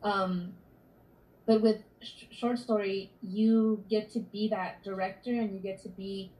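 A woman guest writer in a casual interview, chatting and telling stories in an animated way. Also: mid-range voice, measured pace, poor audio.

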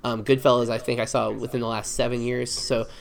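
Fast-talking man, rambling podcast chat. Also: mid-range voice, level tone, vocal fry. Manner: rambling, many ums and self-corrections. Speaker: podcast co-host. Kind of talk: casual chat.

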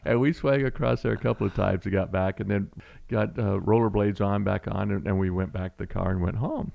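A middle-aged man telling a personal story in a conversational way, animated and acting out the voices. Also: on the low side, brisk, creaky, muffled recording. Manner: animated storyteller, acts out voices, restarts often.

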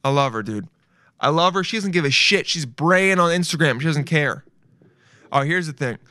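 A man hosting a casual solo podcast, excitable and profane, thinking out loud as he talks. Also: on the high side, normal speed, no room sound. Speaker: podcast host.

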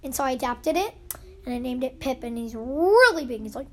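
Rambling high-voiced young girl podcaster. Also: animated, fairly quick, a little hiss or hum. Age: child. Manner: rambling, goofy, acts out scenes. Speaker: pretend podcast host. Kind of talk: playful rambling kid podcast.

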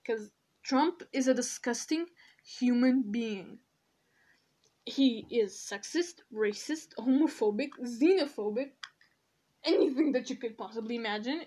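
Slow-talking indignant woman, higher voice. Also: warm tone. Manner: indignant, outspoken, swears often. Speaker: podcast host. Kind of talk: casual solo monologue.

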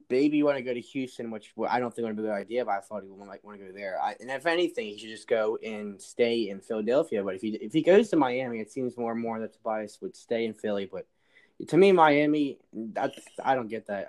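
A man's voice: lowish voice, a little mellow. A man guesting on a casual sports chat, opinionated and often restarting his sentences.

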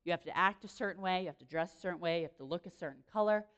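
A young woman speaking to a room, giving a lively, chatty sermon full of quick self-deprecating asides. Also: on the low side, clear, resonant tone, dull audio. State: pregnant. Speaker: speaker at a church or campus gathering. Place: room with an audience.

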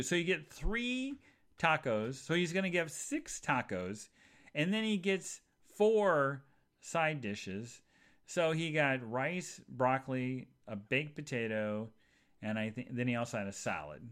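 A man hosting a podcast, telling a long rambling story in a chatty, animated way with many asides to his listeners. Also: unhurried. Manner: rambling and animated, jumps to high voices for quoted people. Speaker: podcast host. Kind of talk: casual monologue storytelling.

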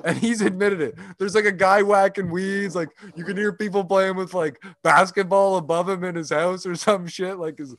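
A man's voice: high voice, steady tone, normal speed, hardly any pauses. A man co-hosting a casual comedy podcast, joking crudely with lots of filler words and laughter. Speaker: podcast co-host.

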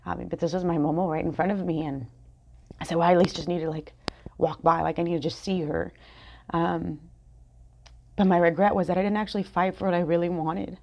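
A woman's voice: on the low side, fairly even intonation, fairly quick, long pauses, darkish tone. A woman hosting a podcast, sharing a candid, rambling personal reflection full of fillers and restarts, just after crying. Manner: candid, rambling, many fillers and self-corrections. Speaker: podcast host. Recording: dull lo-fi sound.

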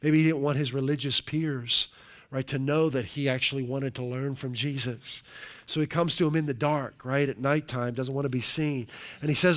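A man's voice: medium pitch, fairly even intonation, normal speed. A male pastor preaching a sermon, stressing and stretching key words and often checking in with "right?".

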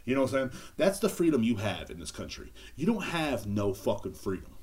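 Rambling crude man, lively pitch. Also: fairly quick, breathy edge. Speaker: podcast host. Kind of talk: casual solo podcast monologue. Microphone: handheld recorder.

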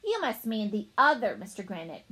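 A woman's voice: mid-range voice, wildly swooping pitch, a little fast, sharp tone, slightly rough, full character voice. Woman voicing a sentimental alien teacher. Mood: earnest farewell. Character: alien male third-grade teacher, sentimental.

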